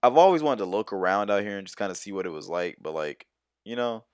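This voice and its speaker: A young storyteller vlogger speaks fast in a smooth voice on the low side, recorded dry. He rambles through a personal story in slang, animatedly quoting exchanges and peppering it with fillers.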